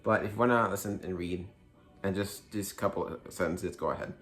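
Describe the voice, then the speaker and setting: A man's voice: low voice, a little fast, fairly bright tone. A man casually reviewing books for his channel, rambling with lots of "like" and restarting his sentences. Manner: rambling, heavy use of "like", frequent restarts. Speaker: book vlogger. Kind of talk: casual book review vlog.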